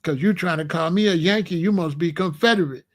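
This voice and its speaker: A man's voice: sits high, a little fast. A man from the United States giving a boastful, confrontational, profane monologue.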